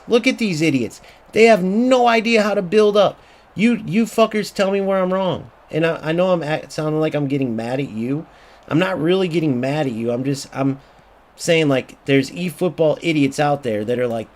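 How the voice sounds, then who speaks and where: A gaming YouTuber with a fairly high-pitched voice talks at a normal speed. He rants angrily through his gameplay commentary, swearing, repeating himself, and putting on a mocking voice whenever he quotes other players.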